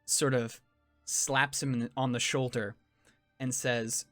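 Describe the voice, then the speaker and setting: A man narrating as dungeon master for a tabletop game, slow and descriptive. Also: medium pitch, level tone, a bit bright, no room sound, faint music behind.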